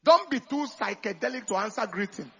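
A man preaching a sermon as pastor, swinging from quiet talk to loud calls for the congregation to answer. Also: sits high, animated, a little fast, gravelly, husky, muffled recording.

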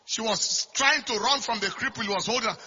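A man preaching a sermon, repeating phrases and swinging from quiet talk to shouted declarations. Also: very high voice, fairly quick, slightly rough. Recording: dull lo-fi recording.

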